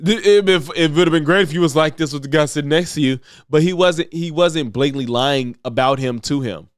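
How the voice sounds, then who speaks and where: A man giving casual reaction commentary on a stream, blunt and profane, with a fairly high voice. His tone is smooth and resonant, and the sound is dry and close. He often mocks the people he reacts to by imitating them. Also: fairly quick, dry recording. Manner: blunt, profane, mocking impressions of others.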